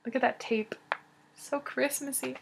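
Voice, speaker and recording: A woman's voice: high-pitched, a little slow, gravelly, noisy background. Gushing young woman vlogger. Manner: gushing, excited, full of fillers. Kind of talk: casual chat.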